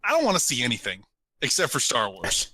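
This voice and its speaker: A young man co-hosting a podcast, animated and laughing often in casual chat. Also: medium pitch, quick pace, crowd noise, rough recording. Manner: animated, laughs a lot, jumps into mock voices. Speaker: podcast co-host.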